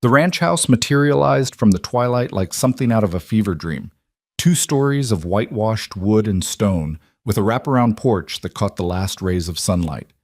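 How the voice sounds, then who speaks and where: A man narrates a frontier story with a steady, dramatic pace. His voice sits on the low side. It is recorded close and dry, with no room sound. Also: normal speed, no echo.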